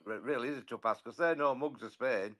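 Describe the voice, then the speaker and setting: Halting man on a football podcast. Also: medium pitch, a bit bright. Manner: halting, repeats words as he talks. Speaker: podcast regular, football fan. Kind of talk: casual football chat.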